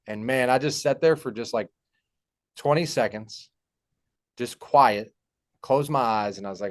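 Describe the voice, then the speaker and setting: A young man telling a personal story in a halting, heartfelt way, with many fillers and restarts. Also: medium pitch. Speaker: podcast guest. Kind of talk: personal story in casual conversation.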